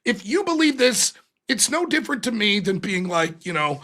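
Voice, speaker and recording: A man hosting a live-streamed political commentary show, ranting in an exasperated, animated and profane way. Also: high-pitched, normal speed. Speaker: livestream political commentary host.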